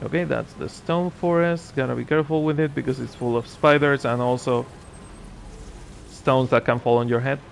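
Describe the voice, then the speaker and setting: A man's voice: medium pitch, fairly even intonation, moderate pace, gravelly, a little hiss or hum. A man giving casual gameplay commentary as a streamer, chatting and muttering asides to himself with dry sarcasm. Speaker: gaming streamer.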